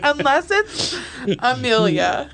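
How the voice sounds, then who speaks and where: A woman's voice: sits high, sing-song, takes it slowly, gravelly. A woman playing a tabletop game who talks chattily and laughs often. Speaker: player. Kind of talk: casual chat.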